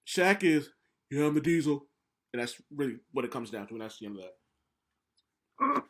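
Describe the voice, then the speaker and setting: A young man co-hosting a casual podcast, telling stories with lively acted-out quotes and frequent swearing. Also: mid-range voice, moderate pace, breathy edge. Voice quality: profane, animated storyteller acting out quotes. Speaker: podcast co-host.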